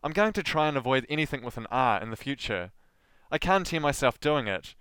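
A man's voice: medium pitch, big pitch swings, brisk, a bit bright, clear, resonant tone, dry recording. A man with a Southland New Zealand accent hosting a podcast, reading a scripted monologue with a dry, self-deprecating delivery. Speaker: podcast host.

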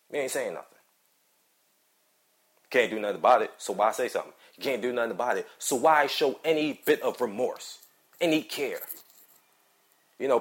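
Guy ranting hard on his own show, cussing and repeating himself, mid-pitched voice. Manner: heated, profane, repetitive ranting. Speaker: podcast host. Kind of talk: angry solo commentary.

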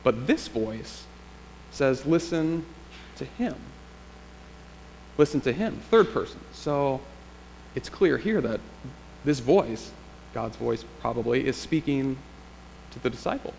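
A man's voice: mid-range voice, expressive, takes it slowly, vocal fry, pauses often, darkish tone. A male pastor preaching a sermon in a church sanctuary, in a reflective, conversational way with rhetorical questions. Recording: long church reverb, faint hum.

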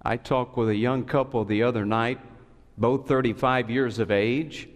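A man preaching a sermon as a pastor, telling a story with expressive swings and sudden high cries. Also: measured pace. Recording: long reverb of a large hall.

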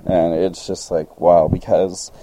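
Brief: young male co-host, very low dark voice, rambling storyteller, faint hiss behind. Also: slow pace, low-quality recording. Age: young adult. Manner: rambling, animated retelling with quoted voices. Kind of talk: casual chat, storytelling.

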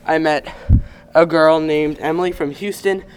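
A man's voice: fairly high pitch, fairly even intonation, measured pace, clean tone. A young man co-hosting a casual podcast, chatty and rambling, laughing often. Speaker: podcast co-host. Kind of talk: casual chat.

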